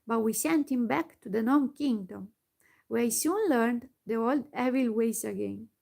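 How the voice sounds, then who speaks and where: A woman voicing a solemn old male wizard in whispered role-play, speaking slowly. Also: fairly high pitch, gravelly, a little mellow. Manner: slow, solemn.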